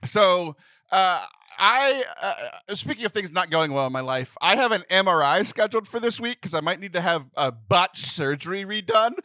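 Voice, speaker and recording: Man in his thirties, high bright voice, swooping animated delivery, comic storytelling, dry studio sound. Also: moderate pace, no echo. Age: 30s. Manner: animated, laughing, acts out phone voices in exasperated bursts. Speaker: podcast host. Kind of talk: comedic storytelling chat.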